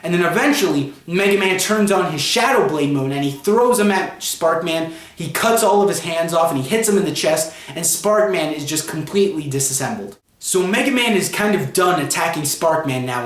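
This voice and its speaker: A man's voice: on the high side, lively intonation, fairly quick, few pauses, echoey room. A man reviewing a comic book, rambling through the plot with a string of ands and you-knows. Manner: rambling retelling, chained with "and" and "you know". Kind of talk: casual plot recap vlog.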